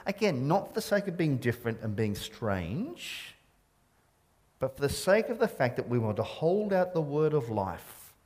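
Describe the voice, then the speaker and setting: Here a middle-aged man, a pastor originally from Scotland, delivers a sermon with an Australian accent that retains some Scottish. The voice is male and medium-pitched, earnest and emphatic, with frequent stumbles and restarted words.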